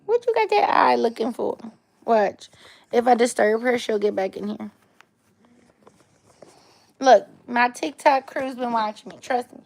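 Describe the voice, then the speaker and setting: A woman's voice: fairly high pitch, expressive, a little slow, vocal fry, pauses often, darkish tone. A woman chatting on a live stream, playful and cooing at her pets in baby talk. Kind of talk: casual live-stream chat.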